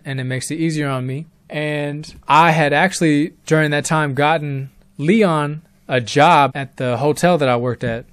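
A man's voice: a little high, clear, resonant tone, dry recording. A young man telling a true story in a laid-back, rambling way with casual slang.

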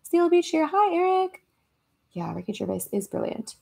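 A young American woman hosts a relaxed livestream from home, chatting with viewers. Her voice sits a little high. She giggles often and reads out comments as they come in. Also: moderate pace, gravelly. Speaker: livestream host. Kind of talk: casual livestream chat reading comments. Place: her home in Los Angeles.

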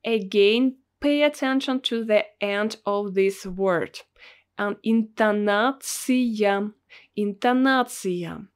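A young woman with a Russian accent teaching a language lesson, patient and repeating each word slowly. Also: medium pitch. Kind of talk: slow, clear language lesson.

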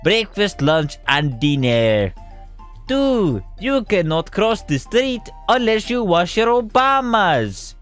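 A man streaming, reading silly fill-in-the-blank stories aloud in an animated way, rushing through asides and breaking into laughter. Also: high-pitched, soft background music.

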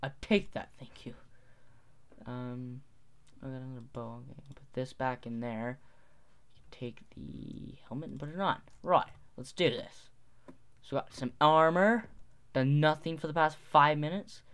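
A man's voice: mid-range voice, steady tone, unhurried, a bit bright, clean tone. A teenage boy giving gameplay commentary, rambling, muttering to himself and correcting his words. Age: teens. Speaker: gaming video host.

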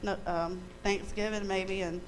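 A woman's voice: medium pitch, flat delivery, a little slow, poor audio. A woman testifies before her congregation in a mid-range, ordinary voice. She talks frankly and conversationally, laughing easily and letting a mild curse slip now and then, with a faint hiss of background noise. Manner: candid and chatty, laughing often, mild cursing. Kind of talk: spontaneous church testimony. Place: church service.

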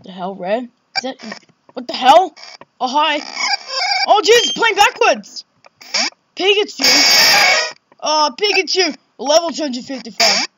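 A woman's voice: sits high, big pitch swings, unhurried. A woman playing a horror game and commenting, jumpy and exclaiming, often swearing. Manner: jumpy, exclaiming, swearing, frequent 'oh my God'. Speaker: let's play gamer. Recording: loud background noise.

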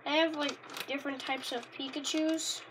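A woman rambling casually in a vlog, easily delighted and bursting into loud exclamations. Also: high-pitched, flat delivery, moderate pace, background noise. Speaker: Pokémon card reviewer. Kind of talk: casual unscripted vlog chat.

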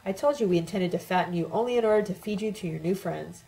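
A woman's voice: mid-range voice, fast talker, vocal fry, mellow, close to an everyday voice, rough recording. A woman reading a dry, sarcastic sister. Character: sarcastic, teasing grown woman.

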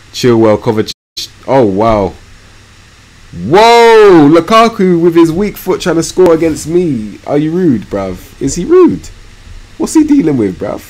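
A young man giving live commentary on a football management game, swinging from low muttering to loud yelling and swearing often. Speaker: streamer.

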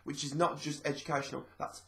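A man talks straight to his viewers in a relaxed, explanatory vlog. His voice sits a little high for a man. He rambles, restarts and repeats himself as he works through each point. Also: quick pace, gravelly. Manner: chatty and rambling, repeats phrases, acts out quoted speech. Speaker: vlogger.

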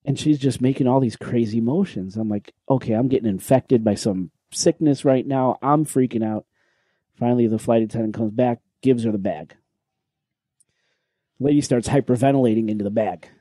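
A man co-hosting a podcast, telling a story in a casual, animated way, swearing and acting out what people said. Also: mid-range voice, moderate pace, no room sound. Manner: animated, swearing, acts out quoted lines. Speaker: podcast co-host. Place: podcast recording room.

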